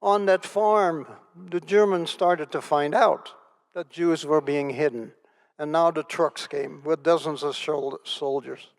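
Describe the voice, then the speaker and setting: Older man giving a smooth, clear testimony. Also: fairly high pitch, fairly even intonation, measured pace. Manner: earnest, vivid storytelling with repetition for emphasis. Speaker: Holocaust survivor, keynote speaker. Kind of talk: personal testimony in an onstage interview.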